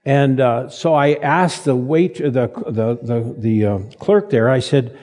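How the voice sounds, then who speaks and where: A man in his seventies preaching a sermon in a folksy, halting way, repeating words as he tells stories. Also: medium pitch, a little mellow. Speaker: pastor. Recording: long reverb of a large hall.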